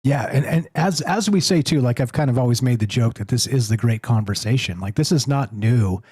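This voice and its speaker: A man's voice: mid-range voice, fairly quick, breathy edge, no room sound. Emphatic host man, dry close sound. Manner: animated, emphatic, rising to exasperated. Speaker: show host. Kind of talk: casual call-in chat.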